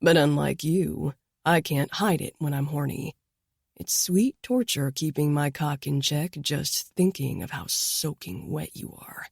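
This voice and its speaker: Woman narrator doing a controlled mafia lover, murmuring low and soft in a dry close read. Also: a little slow, gravelly, slightly rough, no echo, full character voice. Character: dominant controlled young mafia man. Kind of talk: audiobook character voice.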